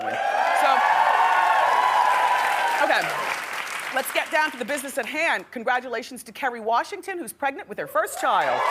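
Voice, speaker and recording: A middle-aged woman hosts a daytime talk show in a slightly high voice. She chats and gossips between laughs and sounds a little out of breath. A loud studio audience and heavy noise fill the background. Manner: chatty, gossipy, laughs often. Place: television studio with live audience.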